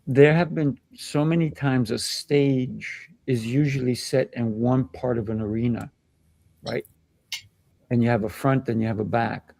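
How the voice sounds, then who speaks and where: Male host, kung fu teacher, gravelly texture, dry close sound, animated storyteller. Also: medium pitch, unhurried, dry recording. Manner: animated, acts out children's voices in anecdotes. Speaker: kung fu instructor and show host. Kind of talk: casual discussion, storytelling.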